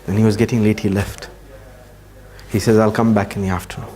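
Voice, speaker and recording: A man giving a religious talk, telling a story earnestly and slowing down for emphasis. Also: on the low side, flat delivery, warm tone. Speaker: Islamic speaker.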